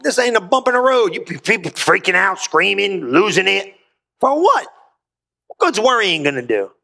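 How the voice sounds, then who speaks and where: A man preaches in church with emphatic, punchy call-and-response. His voice sits high and bright, with a forceful edge. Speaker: pastor. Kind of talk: sermon.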